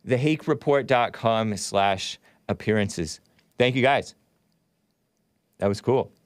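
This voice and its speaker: A man's voice: mid-range voice, clean tone, no room sound, studio quality. A man hosting a livestream show, talking casually and rambling, often spelling names out letter by letter. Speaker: show host.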